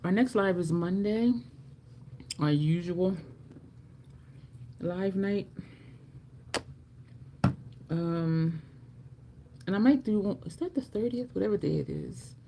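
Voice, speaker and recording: Lady rambling on her makeup livestream, lowish voice, laughs a lot, just chatting away. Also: slow pace, vocal fry, pauses often, background noise. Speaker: livestream beauty host. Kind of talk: casual livestream chat while doing makeup.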